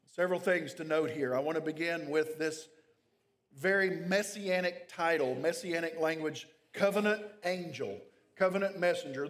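A pastor gives an expository sermon, reading scripture passages aloud and then unpacking them for his listeners. His voice sits a little on the high side for a man, and a long reverb hangs on the sound, as in a large church sanctuary.

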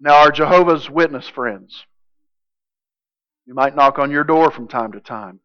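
A man preaching a sermon, emphatic, swinging from hushed to loud. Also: a little high, a little slow, clear, resonant tone, lo-fi sound. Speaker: pastor.

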